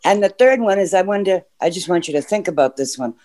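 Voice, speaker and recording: Fast and high-pitched, with lively intonation and a darkish tone, a man calls in to a discussion show. His comments are earnest, though he tends to lose his train of thought.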